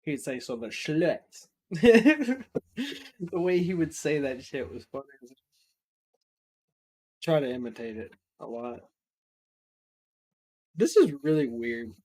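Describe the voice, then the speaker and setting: A man's voice: a little high, expressive, takes it slowly, pauses often, a little mellow. A man hosting a reaction video, talking in blunt, mocking, heavily sworn casual commentary and laughing at the clips.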